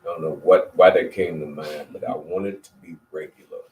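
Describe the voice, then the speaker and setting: A man telling a personal story in a group, measured and reflective. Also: a bass voice, steady tone, a little mellow, distant mic. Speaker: participant. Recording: roomy, off-mic, faint background noise.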